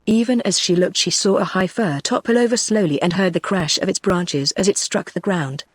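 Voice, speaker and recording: A text-to-speech woman's voice with a British English accent, reading a novel as scripted narration at an even pace. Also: lowish voice, brisk, husky, dry recording. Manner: evenly paced synthetic reading. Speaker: audiobook narrator.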